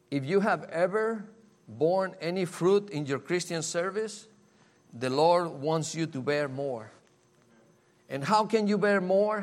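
A man preaching a sermon in a slow, earnest way, often repeating key phrases. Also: a little high.

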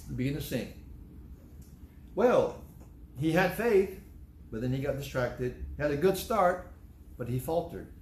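A man preaches a sermon with a somewhat raised pitch, driving points home by repeating them and acting out the voices he quotes. His voice carries through a roomy, echoing church. A faint ambient hum sits underneath. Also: lively intonation, unhurried, long pauses, darkish tone. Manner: repeats phrases for emphasis, acts out quoted voices. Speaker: pastor. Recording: echoey room, faint ambience.

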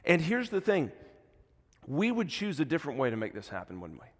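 A man's voice: on the high side, wildly swooping pitch, a little fast. Man preaching in a reverberant church. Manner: swings from hushed, soft passages to loud, emphatic preaching. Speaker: pastor. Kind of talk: sermon. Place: church sanctuary. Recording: long hall reverb in a church.

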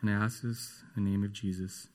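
A man preaching a sermon in a slow, earnest and emphatic way. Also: fairly low pitch, level tone, a little mellow.

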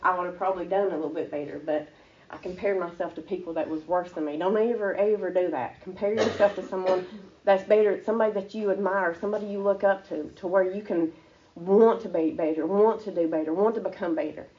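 A woman telling her personal faith testimony in an earnest, halting, emotional way. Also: on the low side, fairly even intonation, dark tone, muffled recording.

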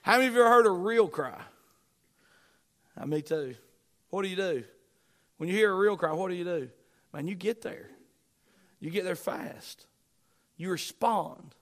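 A middle-aged man preaching a sermon as pastor, with emphatic bursts that rise and drop to quiet asides. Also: high voice, expressive, normal speed, long pauses.

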